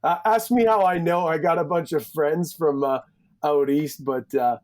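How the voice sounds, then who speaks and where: A young Canadian man chats as a podcast guest, rambling and joking with plenty of swearing. His voice sits a little on the high side. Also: moderate pace, a little mellow. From Alberta, Canada. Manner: joking, profane, rambling banter. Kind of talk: casual podcast chat.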